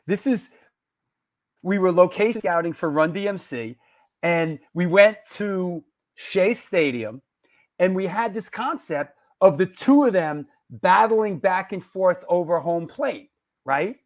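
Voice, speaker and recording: High-voiced man, animated and profane. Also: a little slow. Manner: animated, swears, street slang. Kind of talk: casual chat on a livestream.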